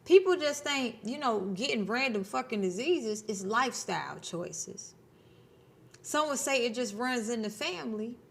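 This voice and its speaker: A woman's voice: on the high side, lively intonation, moderate pace, gravelly. A woman in her thirties talking casually to her viewers, blunt and preachy, swearing freely. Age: 30s. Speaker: spiritual channel host. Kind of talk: casual spiritual talk to camera.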